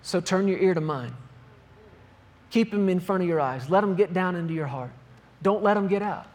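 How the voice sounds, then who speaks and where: High-voiced man preaching a sermon. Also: normal speed, darkish tone. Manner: emphatic preaching, repeating phrases, reading scripture aloud. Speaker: pastor.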